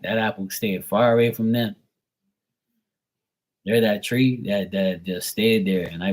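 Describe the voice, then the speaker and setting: A middle-aged man hosts a tarot livestream as a tarot reader, chatting casually in a fairly low voice over poor audio. His talk is rambling, blunt and profane, and it rises into animated rants.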